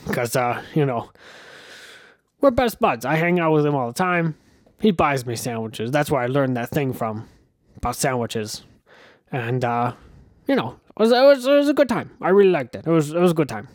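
A man's voice: a little high, animated, normal speed, long pauses, no echo, clean studio sound. A man hosting a comedy podcast, rambling through silly stories in a stammering, laughing manner. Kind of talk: comic rambling monologue.

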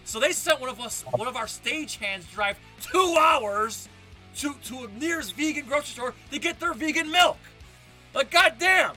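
A man's voice: extremely high pitch, quick pace, few pauses, bright, forceful tone, soft background music. A man hosting a casual online chat show, rambling with lots of fillers and laughing easily. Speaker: podcast host.

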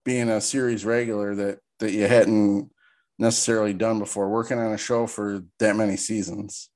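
A man with a lowish voice hosting a podcast interview. He asks loose, conversational questions about his guest's career, with plenty of filler. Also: level tone, normal speed, a little mellow. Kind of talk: casual interview.

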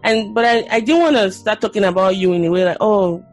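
Woman, podcast host, reflective, earnest, mid pitch, faint music behind. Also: lively intonation, fast talker. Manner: reflective, earnest, thinks aloud with fillers. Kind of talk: candid conversation.

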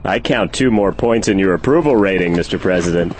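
A man's voice: sits low, a little fast, lightly acted. An actor playing an earnest male field reporter in a satirical sketch. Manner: earnest, pressing questions. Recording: noisy background.

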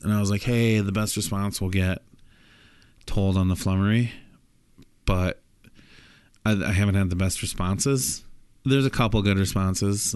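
A low-voiced man co-hosting a casual podcast. He rambles through a long joke and keeps jumping up in pitch to act out each character. The sound is dry and close, with no room around it. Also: clean tone, no echo. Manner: rambling storyteller, acts out characters' lines with jumps in pitch. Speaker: podcast co-host.

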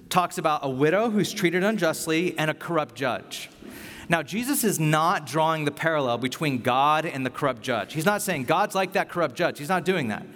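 A man's voice: on the high side, fairly bright tone. A man preaching a sermon as a pastor, earnest and emphatic with a conversational, joking touch. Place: church hall. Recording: echoey hall reverb.

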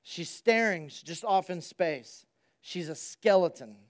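A man preaching a sermon, swinging from hushed storytelling to loud, excited preaching. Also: high-pitched, unhurried. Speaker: pastor.

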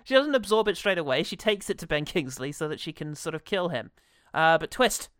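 A man's voice: on the high side, lively intonation, brisk, fairly bright tone, smooth, dry recording, studio quality. A man co-hosting a podcast in casual chat, playful and sarcastic, laughing often. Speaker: podcast co-host.

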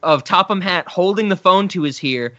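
Man, casual chat, animated retelling, bright tense voice, slightly high, dull sound. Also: normal speed.

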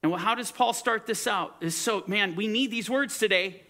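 Bright, high-pitched man preaching emphatically. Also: normal speed. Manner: emphatic, preacherly, swings between soaring and hushed. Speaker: teacher. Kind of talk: sermon-style Bible teaching.

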